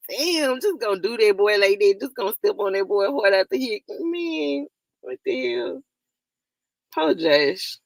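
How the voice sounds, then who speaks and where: A woman's voice: mid-range voice, big pitch swings, unhurried, creaky, no echo, poor audio. A woman hosting a casual livestream, greeting viewers by name, laughing often and swearing freely. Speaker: livestream host.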